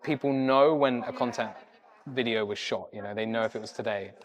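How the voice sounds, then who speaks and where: This is a young man, chatting casually as a podcast guest. His voice sits at an average pitch for a man. He tells his story with energy, and his pitch leaps up whenever he acts out someone's words. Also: brisk. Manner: animated, acts out quoted voices with sudden pitch jumps. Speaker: podcast guest, social media creator.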